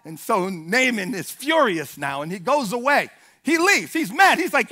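A man delivers a fervent sermon, his voice pitched very high. He shouts out his peaks and slips into acting out the Bible figures he tells about. His tone rings bright and forceful throughout. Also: moderate pace. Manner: fervent, animated preaching with shouted peaks and acted-out Bible dialogue. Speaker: preacher.

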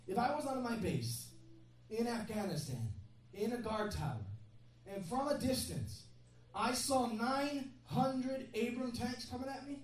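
Preacher in a booming, echoey hall. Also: a little mellow. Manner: conversational, joking asides to the congregation. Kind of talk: sermon. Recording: very echoey hall, mic far off, faint ambience.

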